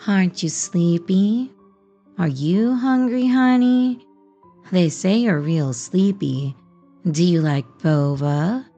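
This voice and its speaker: Creepy sing-song woman passenger, soft, pausing, put on by a woman narrator. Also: lowish voice, highs cut off, soft background music. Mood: eerily sweet. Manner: sing-song, scarily soft, deliberate pauses. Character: unsettling woman passenger talking to unseen ghosts.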